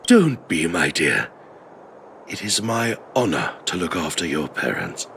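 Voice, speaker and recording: An actor playing a courteous, devoted old family retainer in a game, speaking formally. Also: male voice, deep voice, very animated, a little slow, vocal fry, a bit bright, a little hiss or hum, exaggerated voice. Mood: courtly, kind. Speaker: family caretaker in a game cutscene. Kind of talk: voice acting in a game cutscene. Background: game score music.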